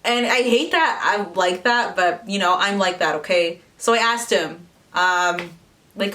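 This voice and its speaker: A woman's voice: fairly low pitch, a little slow, bright, forceful tone, recorded from a distance. A young woman telling a personal story in casual vlog chat, full of "like" fillers. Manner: chatty, lots of "like" fillers. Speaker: vlogger.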